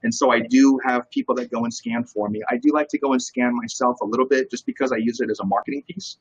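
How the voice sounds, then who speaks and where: A real estate broker, a man with a medium-pitched, husky voice, talks fast as a guest in a casual interview, with the highs cut off. He tells stories with lots of energy, animated throughout.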